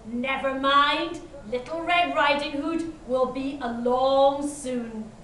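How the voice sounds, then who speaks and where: A woman's voice: sits high, takes it slowly, fairly bright tone, far from the mic. A woman voicing a hungry, sly big bad wolf with a growling delivery, in an echoey room away from the mic. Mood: growly.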